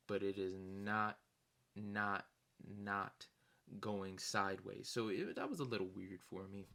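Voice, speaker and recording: Young dude rambling through a story, lots of "you know", squeaky when he quotes people. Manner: animated, acts out others in sudden high-pitched voices. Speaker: vlogger recounting concert memories. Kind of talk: casual storytelling.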